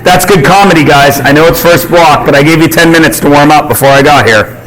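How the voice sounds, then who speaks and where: Male math teacher, slightly high voice, joking, quizzes class, faint noise. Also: brisk. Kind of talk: classroom lesson.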